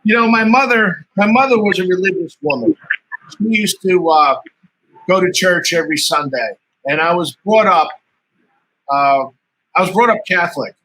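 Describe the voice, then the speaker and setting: A man's voice: high voice, normal speed, long pauses, a little hiss or hum, poor audio. A man, a martial artist telling stories in a casual interview, laughing often and acting out what others said. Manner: animated storyteller, laughs often, acts out quoted dialogue.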